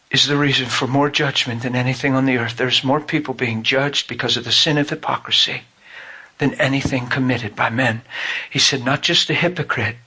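Husky-voiced man preaching with fervor. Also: medium pitch, bright, forceful tone. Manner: emotional, storytelling, rising to fervent. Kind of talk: sermon with personal testimony.

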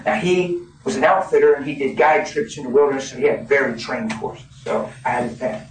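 A man in his fifties preaching a sermon, folksy and animated, laughing as he tells stories. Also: medium pitch, brisk, a little hiss or hum. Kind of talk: sermon with storytelling. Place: church hall. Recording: echoey hall from far off, crowd. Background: congregation.

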